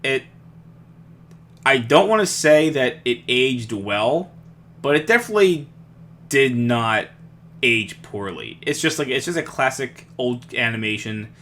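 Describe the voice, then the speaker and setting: A man's voice: mid-range voice, expressive, unhurried, a bit bright, a little hiss or hum. A young man co-hosting a podcast in casual chat, rambling with restarts and frequent laughs. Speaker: podcast co-host.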